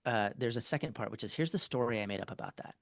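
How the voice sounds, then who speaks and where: A man's voice: mid-range voice, fast, vocal fry, fairly bright tone, no echo. A man, a marriage therapist, talking as a podcast guest in a loose, conversational way, full of fillers and restarts as he walks through an example. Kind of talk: casual interview conversation.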